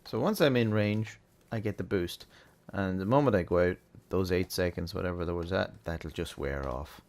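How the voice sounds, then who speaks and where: A man hosting a relaxed, chatty game tutorial, thinking aloud as he plays. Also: low voice, moderate pace. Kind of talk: casual gameplay tutorial.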